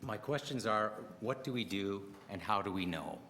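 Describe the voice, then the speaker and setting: Hurried man in echoey chamber. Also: lowish voice, expressive, a bit bright. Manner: earnest, hurried, pointed rhetorical questions. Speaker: public deputant at city committee. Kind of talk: public deputation at a council meeting. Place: council chamber. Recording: long reverb, faint room noise.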